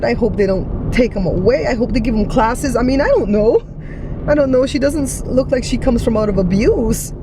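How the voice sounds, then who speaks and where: A woman's voice: mid-range voice, background noise. A woman in her forties, chatting straight to her viewers as she films a vlog on a phone. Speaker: vlogger. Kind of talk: casual vlog narration.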